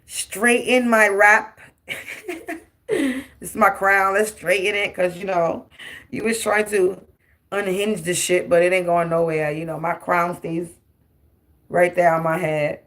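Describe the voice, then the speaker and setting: A woman's voice: fairly low pitch, flat delivery, normal speed. A woman, giving a brash, profane, taunting spiritual tarot monologue. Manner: taunting, repetitive, defiant.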